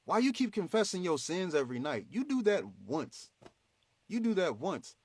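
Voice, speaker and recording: A patient, fatherly God gently chides and reassures in a slightly raised voice, as a man puts him on. The sound is close and dry. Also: high-pitched, very animated, normal speed, slightly rough, no room sound, voice pushed up, heavily acted. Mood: gently chiding. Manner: gently chiding, reassuring questions.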